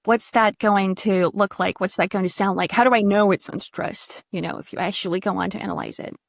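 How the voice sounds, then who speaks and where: A woman's voice: medium pitch, fairly even intonation, fairly quick, gravelly, dry recording, studio quality. A woman coaching pronunciation in a casual online lesson, chatty and quizzing her student, swearing now and then.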